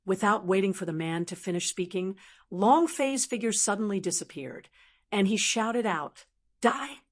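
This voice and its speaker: A woman narrating a fantasy audiobook in a steady, even storytelling manner. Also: medium pitch, moderate pace. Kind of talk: scripted narration.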